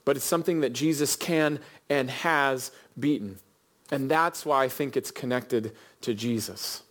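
A man's voice: mid-range voice, unhurried, a bit bright. A male pastor preaching a sermon, telling a story and asking his listeners questions. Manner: earnest, storytelling, addresses the congregation with questions.

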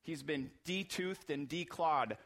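A man's voice: a little high, takes it slowly, creaky, a bit bright. A man preaching a sermon as pastor, earnest and emphatic, repeating phrases for rhythm.

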